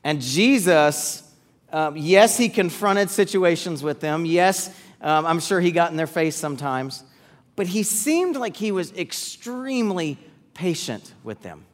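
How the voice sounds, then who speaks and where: A man preaching a sermon to parents, repeating key words for emphasis and letting phrases trail off softly. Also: on the high side, animated, measured pace.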